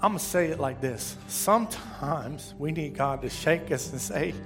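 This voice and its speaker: Man, pastor, sermon, casual preaching, stammered restarts, sudden loud rises. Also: fairly high pitch, a little slow, hardly any pauses, soft background music.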